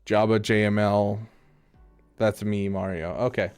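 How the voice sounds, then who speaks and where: Rambling low-voiced male streamer. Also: little pitch movement, a little slow, darkish tone, clear, resonant tone, faint music behind. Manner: rambling, restarts sentences, laughs often. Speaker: streamer reading chat. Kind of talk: casual live-stream chat.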